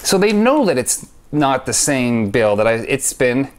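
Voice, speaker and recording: A man's voice: medium pitch, sing-song, unhurried, slight background noise. A man who performs magic, talking casually to camera about a trick he likes, rambling and correcting himself as he goes. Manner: rambling, stop-start, self-correcting; enthusiastic. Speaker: magician reviewing his own trick.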